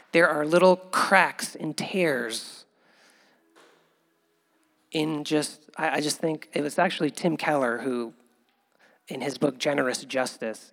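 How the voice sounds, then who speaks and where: A man preaching a conversational sermon as pastor, chuckling often and building to loud, animated bursts. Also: a little high, a little slow, in a large hall.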